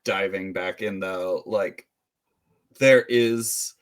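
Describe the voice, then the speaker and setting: A man co-hosting a podcast in relaxed casual chat, rambling with plenty of filler words. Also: sits low, extremely slow. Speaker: podcast co-host.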